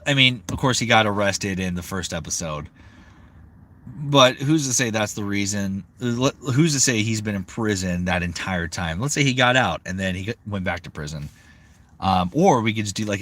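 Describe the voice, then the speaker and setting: A young man, a voice actor, chatting casually on a live stream, rambling and excitable, swearing freely. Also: low-pitched. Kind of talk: casual livestream chat.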